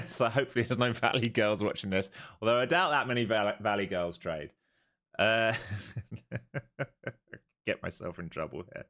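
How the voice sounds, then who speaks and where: A man's voice: lowish voice, animated, moderate pace, a bit bright. Man calling trades on a live stream. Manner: jokey, repetitive, urging. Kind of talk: live trading commentary.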